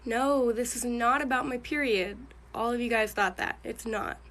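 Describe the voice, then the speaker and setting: A young woman telling a casual story time, chatty with quick asides to viewers. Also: a little high, fairly bright tone.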